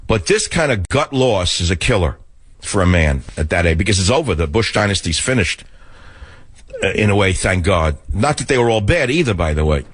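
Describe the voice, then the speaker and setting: A man's voice: on the low side, husky, dry recording. An older man from the Bronx, rambling and sarcastic in a talk radio monologue. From the Bronx, New York.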